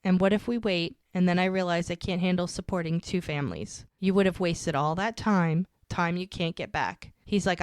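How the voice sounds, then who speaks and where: A woman's voice: on the low side, no room sound, clean studio sound. A woman co-hosting a podcast, retelling a scene in casual chat and quoting the dialogue. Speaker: podcast co-host.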